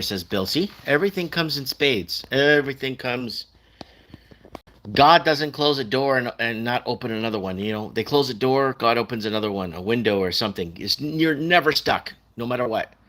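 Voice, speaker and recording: A man's voice: fairly low pitch, fairly bright tone. A man hosting a casual livestream, chatting loosely and reading viewer comments aloud.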